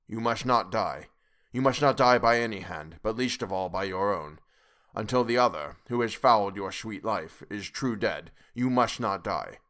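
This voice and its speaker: A man reading aloud as a solemn, fatherly old professor who speaks deliberately and gravely. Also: lowish voice, fairly bright tone.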